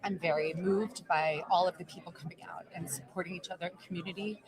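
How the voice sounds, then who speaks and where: An actress speaking at a film festival, emotional and close to tears, halting and restarting as she talks. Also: lowish voice, steady tone, rough recording. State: tearful, emotional. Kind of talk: speaking at a public event. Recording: crowd noise behind.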